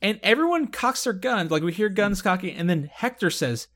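Male host, a bit high-pitched, animated recapper who acts out the quotes and laughs. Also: normal speed. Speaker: podcast host recapping a TV episode. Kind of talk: casual chat.

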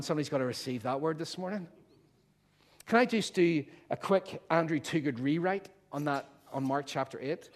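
A man preaching a sermon in a slightly high voice. He is emphatic and playful, leaning hard on key words and explaining their meanings with a joking edge.

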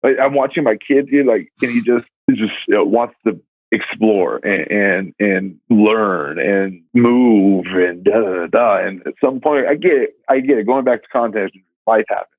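A man's voice: fairly low pitch, normal speed, dry recording, narrow, tinny audio. A man co-hosting a casual chat, talking loosely and throwing in lots of "like" and "dude". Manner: laid-back, peppered with "like" and "dude". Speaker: podcast co-host.

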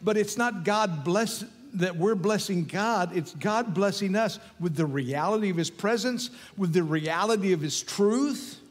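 A man's voice: high-pitched, measured pace, few pauses, long reverb tail. A man preaching a sermon as pastor, emphatic and repetitive, building in intensity.

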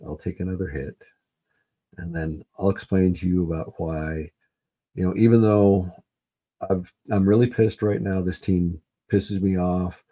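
A man's voice: sits low, level tone, unhurried, mellow, husky. A man hosting a solo podcast, rambling and swearing, repeating himself with lots of fillers. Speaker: podcast host. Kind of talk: casual solo sports podcast rant.

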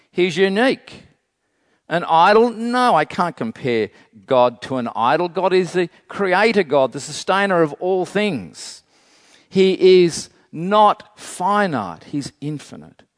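A man preaching a sermon to a congregation, piling up rhetorical questions with rising intensity and dropping in casual asides to the people listening. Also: mid-range voice. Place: church. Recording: long reverb of a church hall.

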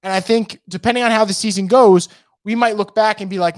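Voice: mid-range voice, steady tone, brisk, dry recording, studio quality. A sports show host giving casual, opinionated football commentary, emphatic and repeating words for stress, while losing their voice.

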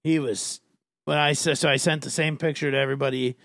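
A man hosting a podcast, chatting casually in a rambling, halting way with many fillers. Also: fairly high pitch, little pitch movement, a bit bright, no echo. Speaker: podcast host. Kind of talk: casual chat.

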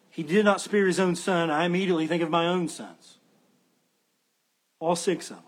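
A pastor with a slightly high voice and a breathy edge preaches an expository sermon, earnest and emphatic. Like a teacher, he repeats key phrases while explaining the text, including the Greek word order.

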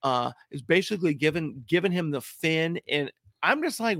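A man co-hosting a podcast, chatting casually about a movie, animated and laughing often. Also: on the high side, normal speed, no echo, studio quality. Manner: animated, laughs often, puts on silly voices. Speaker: podcast co-host.

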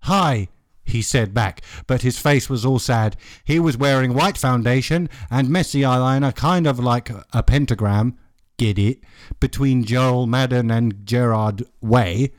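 A man's voice: mid-range voice, measured pace, dry recording, studio quality. A man co-hosting a podcast, reading a bad story aloud with exasperated asides. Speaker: podcast co-host.

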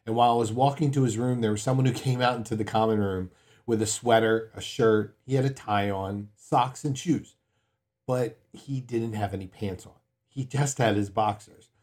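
A man in his forties preaching a sermon, earnest, mixing stories with quiet, emphatic points. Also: on the low side, fairly even intonation, moderate pace. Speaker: pastor.

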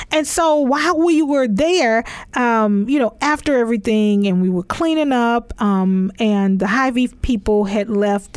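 A woman from Texas, telling a comic story in an animated, sassy way. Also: a little high, no room sound. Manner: animated, emphatic, sassy asides. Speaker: comedian.

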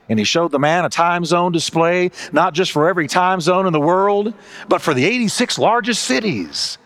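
Animated, lively preaching man. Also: high voice, moderate pace. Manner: storytelling preacher, acting out voices in a joke; animated, emphatic delivery. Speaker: pastor. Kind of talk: sermon.

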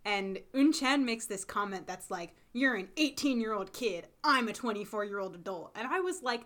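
A young woman chatting casually as a podcast co-host, her pitch jumping around as she acts out scenes. She laughs often and talks with excitement about the episode. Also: moderate pace. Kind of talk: casual chat recapping a drama.

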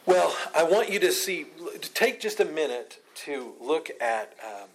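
A man's voice: fairly high pitch, very animated, a little slow. A man leading a Bible study, teaching with emphatic, repeated phrases.

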